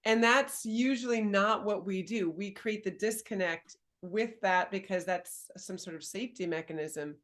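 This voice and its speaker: A woman coach in an easygoing conversation, her voice sitting at an ordinary middle pitch. She talks reflectively, pausing to find the right words and laughing lightly along the way. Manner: thoughtful, searching for words, gently laughing. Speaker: dating and embodiment coach, host. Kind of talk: casual conversational interview.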